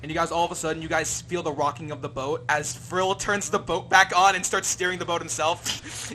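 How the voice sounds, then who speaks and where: Bright-voiced young game master. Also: male voice, fairly high pitch, flat delivery, brisk, few pauses, a little hiss or hum. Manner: casual, many fillers, sound effects by mouth. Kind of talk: narrating a tabletop game.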